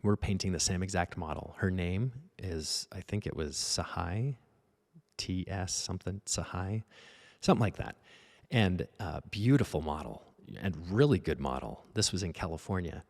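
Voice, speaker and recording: A man's voice: deep voice, normal speed, gravelly, a little mellow. A man in his forties, a painter and art teacher, talking casually while he paints, rambling and self-deprecating.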